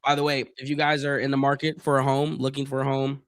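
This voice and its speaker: A man from Northeast Ohio hosting a live stream, giving casual play-by-play, chatting with viewers in loose slang, his voice getting hoarse. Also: mid-range voice, completely flat delivery, fast, fairly bright tone, no room sound, studio quality. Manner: chatty, loose slang, reads chat aloud. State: voice going hoarse.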